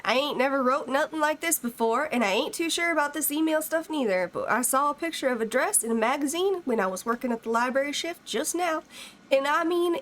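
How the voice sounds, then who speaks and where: A woman's voice: high voice, fairly bright tone, a little hiss or hum. A woman streamer voicing an earnest small-town country woman writing a fan letter, in a put-on rural American country drawl with a folksy, plainspoken manner.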